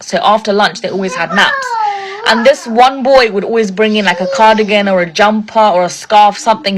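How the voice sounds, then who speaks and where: Young woman, casual indignant storyteller, middle pitch, filler-heavy. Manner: indignant, chatty, lots of "like" fillers.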